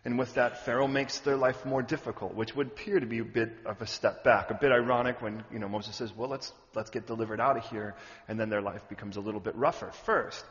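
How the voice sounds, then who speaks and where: A male pastor preaching a sermon in a church hall, conversational and humorous, with loud animated bursts. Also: medium pitch, fairly quick, hardly any pauses. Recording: echoey hall, dull lo-fi sound.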